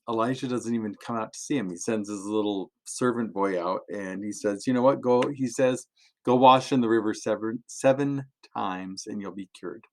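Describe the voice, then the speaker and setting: A male pastor with a fairly low voice tells stories in a lively, playful manner. He laughs often as he talks, keeping it light and friendly for a young audience. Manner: animated, laughing, playful storyteller. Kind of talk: children's sermon storytelling.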